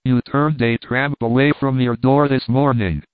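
A man's voice: mid-range voice, fairly even intonation, a little slow, no room sound, close to an everyday voice. Man doing a tiny sneering dwarf, mocking drawl, smug, storybook reading, tinny narrow sound. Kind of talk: audiobook reading.

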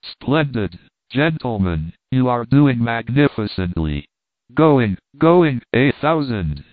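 A man's voice: mid-range voice, big pitch swings, slow pace, no room sound. A man voicing a persuasive auctioneer calling out bids. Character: auctioneer, male, pleading and persuasive. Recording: thin phone-like dry sound.

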